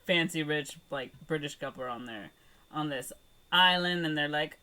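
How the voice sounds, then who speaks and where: A woman's voice: low-pitched, moderate pace, sharp tone. A young woman co-hosting a podcast, casually retelling a movie plot with lots of fillers and playful quoted voices. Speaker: podcast co-host. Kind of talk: casual movie recap chat.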